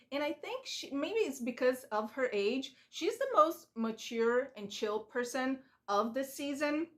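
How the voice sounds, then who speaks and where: A woman giving a chatty, opinionated recap of a reality show, acting out the people she talks about. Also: on the high side. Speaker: reaction vlogger. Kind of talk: casual recap commentary.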